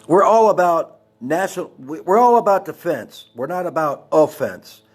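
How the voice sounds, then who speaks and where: A man's voice: on the high side, expressive, moderate pace, slightly rough. A man in his forties from Texas, hosting a heated, profane rant on his live stream. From El Paso, Texas. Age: 40s. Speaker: livestream host.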